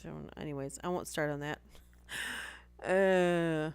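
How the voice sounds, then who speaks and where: Woman, live-stream host, casual story reading, low pitch, dry sound, chatty asides. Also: steady tone, slow pace, creaky, clean tone, dry recording. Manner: reads aloud, breaking off for chatty asides and apologies.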